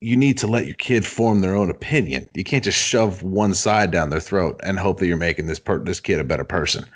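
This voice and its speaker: A young father co-hosting a podcast, talking in an earnest, measured casual chat. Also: deep voice. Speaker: podcast co-host.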